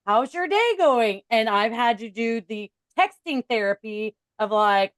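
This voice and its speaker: A woman with a drawl co-hosts a relaxed podcast chat. She rambles, restarts her sentences and drifts between thoughts. Her voice sits slightly high and sounds close and dry, with no room around it. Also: measured pace, few pauses, no echo. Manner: rambling, chatty, self-interrupting. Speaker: podcast co-host.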